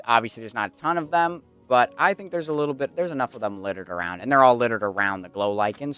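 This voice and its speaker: Smooth-voiced rambling male streamer. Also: fairly low pitch, sharp tone. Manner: rambling, many fillers and restarts. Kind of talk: casual commentary while gaming.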